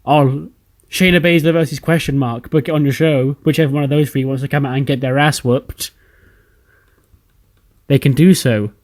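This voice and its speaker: A man's voice: mid-range voice, fairly even intonation, moderate pace, long pauses, natural voice. A man doing a defiant female champion.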